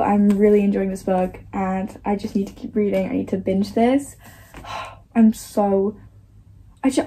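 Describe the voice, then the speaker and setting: A woman's voice: medium pitch, warm tone, breathy edge. A young woman vlogging about her reading, talking casually and emotionally, sometimes close to tears. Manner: emotional, gushing, tearful at times. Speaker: book vlogger.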